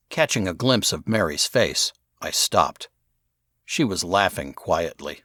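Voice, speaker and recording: A man narrating a novel in first person, in a measured storytelling manner on a close studio mic. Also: deep voice, lively intonation, sharp tone, no echo. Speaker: audiobook narrator.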